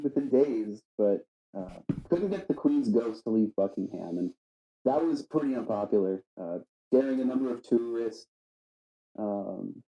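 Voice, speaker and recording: A man guesting on a podcast, telling absurd made-up facts in a deadpan, halting way with many fillers. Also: mid-range voice, poor audio. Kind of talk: deadpan comedic podcast chat.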